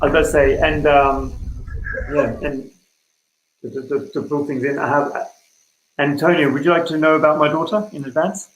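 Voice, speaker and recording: A man playing a tabletop game, halting and filler-heavy as he works out his ideas. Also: fairly high pitch, fairly even intonation, roomy sound, muffled recording, a little hiss or hum. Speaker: player.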